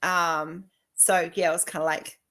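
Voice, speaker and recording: A woman in her fifties with a slightly low voice tells personal stories in a chatty, animated way, slipping into the voices of the people she quotes. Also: a little slow. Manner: chatty, animated storytelling, acting out quoted dialogue. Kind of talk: casual personal conversation.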